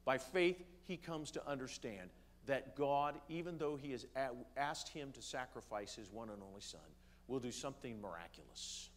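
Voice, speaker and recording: Male pastor, sermon delivery, emphatic, measured, mid pitch. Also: lively intonation. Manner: slows down to stress key words, some fillers. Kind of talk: sermon reading and explaining scripture. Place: church sanctuary.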